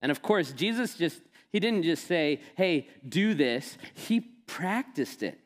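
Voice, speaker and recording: A man's voice: fairly high pitch, a little slow. Man preaching in a reverberant hall. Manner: storytelling, animated and laughing when quoting friend. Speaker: pastor. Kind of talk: sermon.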